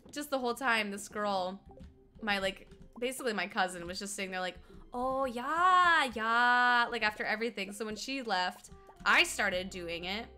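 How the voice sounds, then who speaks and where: This livestreamer, a young woman from Colorado, talks fairly quickly in a sharp, mid-range voice as she games, with faint music in the background. Chatty and giggly with her stream chat, she drifts into mock accents now and then.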